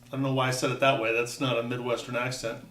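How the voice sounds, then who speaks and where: Speaking fast at a medium pitch with a level, slightly bright tone, a Wisconsin vlogger in his fifties rambles through a personal story. He interrupts himself often and adds wry asides, and the mic is distant in an echoey room.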